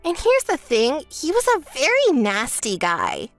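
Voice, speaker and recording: A woman's voice: wildly swooping pitch, unhurried, no room sound, soft background music, full character voice. A woman voicing a spoiled, self-centered young bride who bosses her sister around, in a texting-story voice-over. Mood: smug. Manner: whiny, bossy, shrill when angry.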